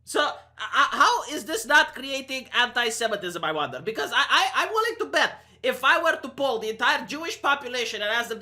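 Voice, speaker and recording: A Romanian-accented woman in her thirties holds forth in a vlog rant, sarcastic and swearing freely. Her voice sits a touch high and sounds bright and sharp. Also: very animated, fairly quick, hardly any pauses. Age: 30s. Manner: heated, sarcastic, profane ranting. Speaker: commentary vlogger. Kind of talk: opinion rant to camera.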